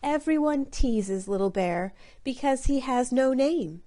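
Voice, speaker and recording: A woman reads a gentle mother bear from a children's storybook. She speaks calmly and plainly, like someone explaining. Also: high voice, measured pace, pitched above the performer's own voice.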